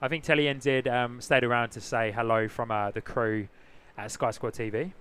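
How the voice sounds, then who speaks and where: Chatting with and greeting viewers, this man hosts a casual plane-spotting livestream outdoors by an airport. He has a New Zealand accent and a smooth, slightly bright mid-range voice with fairly even intonation and a moderate pace.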